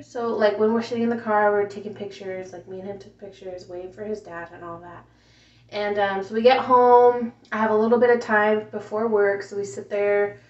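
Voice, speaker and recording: A woman telling a painful personal story in a casual way, softly and emotionally, with many fillers. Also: medium pitch. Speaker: mother telling her story. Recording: roomy, distant, dull home recording.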